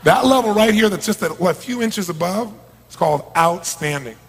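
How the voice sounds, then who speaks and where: A middle-aged man gives a live motivational talk in a high voice. He swings between hushed, intimate lines and loud, emphatic outbursts. A long hall reverb trails every phrase. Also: expressive, moderate pace, a little hiss or hum. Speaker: motivational speaker. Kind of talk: live seminar talk to an audience. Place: large event hall.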